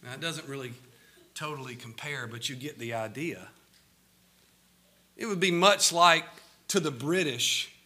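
A man with a Southern American accent preaching a sermon, slow and emphatic, his voice swelling loud on key words. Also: fairly high pitch.

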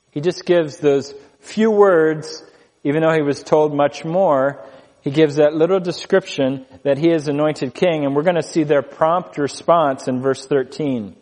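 A man preaching an expository sermon, reading scripture slowly and stressing key words with deliberate pauses. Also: on the high side, darkish tone, big-room sound. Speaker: pastor.

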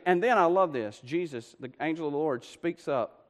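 A preacher delivering a folksy sermon. He swings from loud emphasis to hushed asides, his fairly high voice leaping all over the place. Long reverb from the church hall trails behind his words. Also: lively intonation, a little fast. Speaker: pastor.

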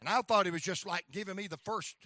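A man preaching a folksy storytelling sermon with a North Carolina accent, rising now and then to shouts of praise. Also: sits high, quick pace, no echo, clean studio sound.

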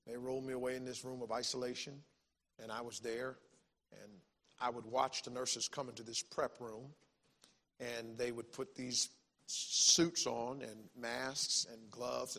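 A man's voice: mid-range voice, fairly bright tone. A man, a pastor telling a personal story in a plain, conversational way. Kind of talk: sermon testimony. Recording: long reverb in a hall.

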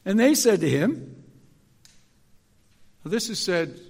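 A man preaching a sermon in an animated, emphatic way, often restarting his sentences. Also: high voice, slow, gravelly, pauses often, slightly rough, long reverb tail.

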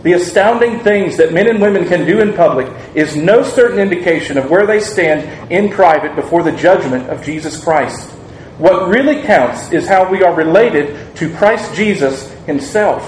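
A man preaching a sermon, earnest and measured, asking the congregation rhetorical questions and acting out quoted lines. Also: high voice, expressive. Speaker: pastor. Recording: echoey room, faint ambient noise.

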